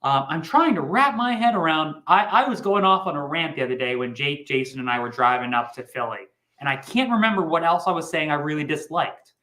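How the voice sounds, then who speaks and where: A man hosting a livestream, pitching comic books in a chatty, rambling way with jokey asides. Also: animated, brisk, few pauses, bright, forceful tone, reverberant, rough recording. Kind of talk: casual sales pitch chat.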